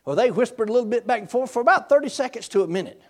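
A man's voice: extremely high pitch, animated, very fast. A man preaching a sermon by telling a personal story in a folksy, repetitive way, chuckling as he goes.

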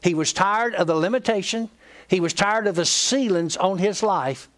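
A man preaching a sermon, his voice sitting a touch higher than most men's. He tells a story in the pulpit, retelling a friend's words, breaking off and restarting mid-phrase as he goes. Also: normal speed, fairly bright tone.

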